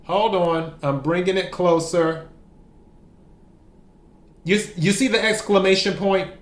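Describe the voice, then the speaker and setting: Speaking straight to the camera, a high-voiced man gives an oracle card reading at a slow pace, lingering on every word. He stresses key phrases and repeats them for emphasis. The audio carries the echo of a bare room at home.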